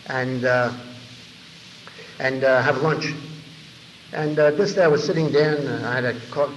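Fast-talking New man in a hall. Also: medium pitch. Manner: animated storyteller, acting out quoted voices, addressing the audience directly. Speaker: recovery meeting speaker. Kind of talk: personal recovery testimony to an audience. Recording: echoey hall, faint background noise.

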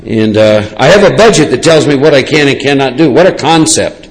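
A man's voice: medium pitch, brisk, rough recording. Rambling man sharing a recovery story. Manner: rambling, lively storyteller with many asides. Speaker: recovery speaker. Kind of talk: personal testimony talk.

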